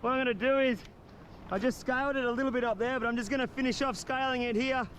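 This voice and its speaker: Brief: very high-pitched Australian man, enthusiastic survival vlogger, faint outdoor noise. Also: fairly even intonation, fast talker, fairly bright tone. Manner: enthusiastic, upbeat, explains each step. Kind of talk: outdoor vlog narration. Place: outdoors on a coastal cliff.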